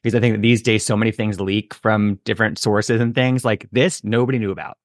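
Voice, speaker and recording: A man's voice: fairly low pitch, steady tone, fairly quick, no echo, clean studio sound. A man hosting a casual interview, asking questions in an enthusiastic, conversational way. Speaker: interview host.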